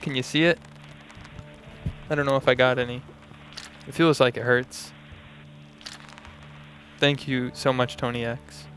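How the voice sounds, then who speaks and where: A man's voice: medium pitch, fairly even intonation, measured pace, pauses often, a bit bright, faint music behind. A man co-hosting a comedy call-in show, talking in a playful, mock-earnest way. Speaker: co-host. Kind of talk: comic improv call-in.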